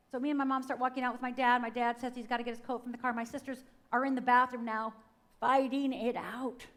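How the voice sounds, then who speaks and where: A middle-aged woman from Upper Michigan giving a personal testimony talk at a church, speaking straight to the audience and acting out the voices in her story. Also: a little high. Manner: dramatic storytelling, acts out quotes, addresses audience directly. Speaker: guest speaker. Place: church stage.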